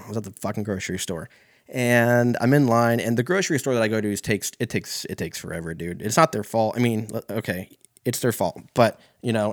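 Podcast host, male, lowish voice, loose profane storyteller who restarts sentences. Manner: rambling, heavy swearing, self-correcting. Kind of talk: casual storytelling monologue.

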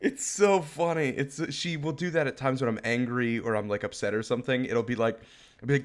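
A young adult man co-hosts a podcast, speaking quickly in a mid-range voice. In the casual chat he tells rambling stories and laughs often.

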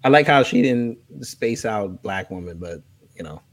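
A New York man in his thirties hosts a casual talk show as a podcast host, reading from a book and breaking off into loose, joking, teasing asides. His voice is on the low side, animated, at normal speed.

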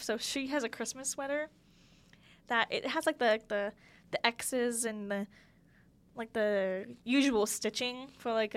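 Young female podcast host, slightly high voice, chatty and giggly storytelling. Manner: chatty, giggly, lots of "like" fillers. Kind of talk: casual storytelling monologue.

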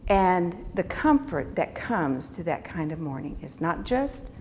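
A woman's voice: on the low side, sing-song, measured pace, a little mellow, slight background noise. A woman giving a sermon, telling a personal story in an earnest, reflective way. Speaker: teacher giving a devotional talk.

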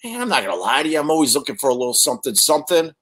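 A man's voice: on the high side, sing-song, rapid-fire, fairly bright tone. A man hosting a casual livestream, chatting to viewers and reading their comments, joking crudely and swearing often.

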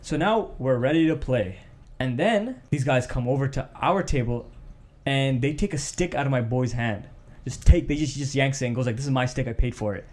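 A young man from Canada, co-hosting a podcast, tells a story in casual chat and acts out the quotes. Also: normal speed. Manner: animated, acts out quotes with raised pitch. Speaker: podcast co-host.

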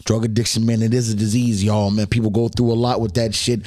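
A man's voice: on the low side, flat delivery, quick pace, dark tone, dry recording, studio quality. A man hosting his own podcast in loose, slangy casual talk, speaking straight to his listeners, his voice slightly worn. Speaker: podcast host.

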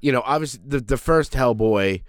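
A man co-hosting a casual podcast, chatty and quick to laugh, swearing now and then. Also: mid-range voice, no echo, clean studio sound. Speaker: podcast co-host. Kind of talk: casual chat.

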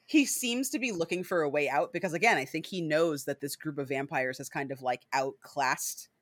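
This speaker is a podcast co-host chatting about a book, full of "like" and "right?" and casual swearing. Now and then they jump into high, loud impressions of characters. The recording sounds dry and close, with a middle-pitched voice. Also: fairly quick, no room sound. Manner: animated, swears freely, peppers speech with "like" and "right?".

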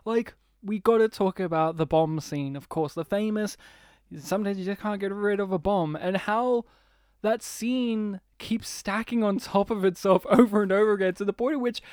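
A man in casual chat, talking fast and animatedly, laughing often and swearing casually. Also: sits high, a little mellow, no room sound, studio quality. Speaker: podcast co-host discussing a film.

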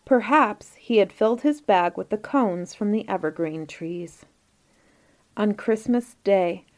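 Woman, storybook narration, gentle, measured. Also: medium pitch.

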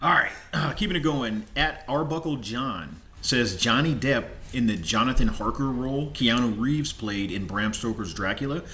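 A man's voice: mid-range voice, animated, moderate pace, hardly any pauses, bright, forceful tone, slight background noise. A man co-hosting a podcast in casual chat, reading out listener submissions and laughing often. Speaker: podcast co-host.

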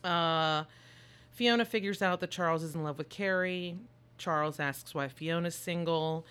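A woman co-hosting a podcast, recapping a movie in casual chat with an animated, joking, irreverent manner. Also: fairly low pitch, a little slow, clean tone. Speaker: podcast co-host.

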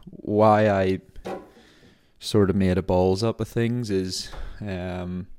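A young adult man with a very low voice chats through a casual vlog monologue. He rambles and leans on fillers as he talks. He is recorded indoors in an apartment. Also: steady tone, slow pace, a little mellow, clear, resonant tone. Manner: rambling, chatty, many fillers. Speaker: marathon runner.

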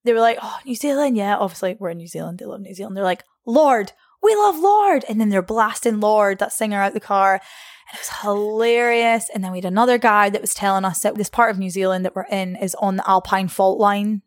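A woman's voice: fairly even intonation, fast talker, dry recording. Young woman, chatty storytelling, laughs often, dry close sound. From Scotland. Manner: chatty, laughs often, acts out quotes with a jump in pitch. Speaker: guest. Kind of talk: casual storytelling interview.

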